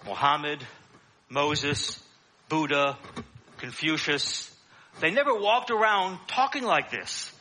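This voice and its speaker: A man's voice: a little high, takes it slowly, long pauses, sharp tone, slight background noise. A man preaching a sermon in a conversational teaching manner, with frequent "uh" fillers.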